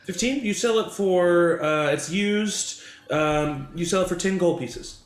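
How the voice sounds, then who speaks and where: A man's voice: high voice, a little slow. Echoey game master man. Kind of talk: narrating a tabletop game.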